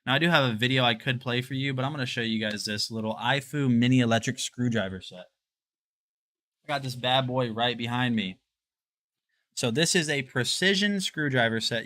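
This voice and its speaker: A young man hosting a live product showcase stream, chatting casually and excitably straight to his viewers. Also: mid-range voice, moderate pace. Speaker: livestream product showcase host.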